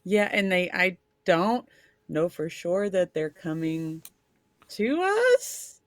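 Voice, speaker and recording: A woman's voice: lowish voice, takes it slowly, no room sound. A woman playing at a tabletop game, fumbling for words with a dry wit.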